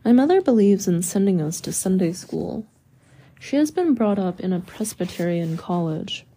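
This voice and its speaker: A woman reading a memoir aloud in a measured, even narration. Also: medium pitch, slight background noise. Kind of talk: audiobook narration.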